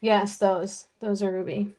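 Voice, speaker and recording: Slow-talking woman running a live auction. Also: mid-range voice, little pitch movement, dark tone. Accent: American. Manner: chatty, running bids while handling jewelry; unhurried, describing pieces in detail. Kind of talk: live-stream auction patter.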